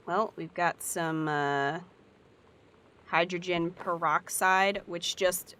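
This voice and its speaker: A woman's voice: fairly low pitch, steady tone, takes it slowly, a bit bright, slight background noise. A woman giving casual, upbeat gameplay commentary and thinking aloud as she plays. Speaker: let's play host.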